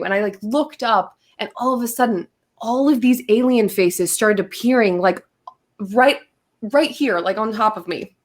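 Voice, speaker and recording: Animated woman telling a story. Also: a little high, normal speed. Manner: animated, acts out her own quotes, many fillers. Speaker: podcast guest. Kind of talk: casual storytelling.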